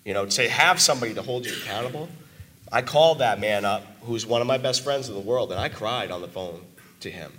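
A man's voice: medium pitch, brisk, sharp tone, slight background noise. A man giving an earnest, emotional testimonial to a live audience, his voice worn from talking a lot. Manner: earnest and emotional, with emphatic asides. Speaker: business owner giving a testimonial.

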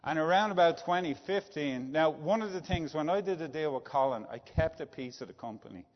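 Middle-aged Irish man, anecdotal executive storyteller, muffled low-fi audio. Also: animated, brisk. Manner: anecdotal, tag questions like "right?". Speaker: business executive. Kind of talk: conversational storytelling. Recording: dull lo-fi sound with long reverb.

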